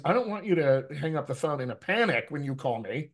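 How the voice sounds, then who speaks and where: A middle-aged man leads an accent workshop for actors, his voice sitting a little high for a man. He talks to the group directly and lively, tagging his points with quick questions. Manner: lively, addresses the group directly, frequent "right?" tags. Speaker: dialect coach. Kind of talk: energetic workshop talk.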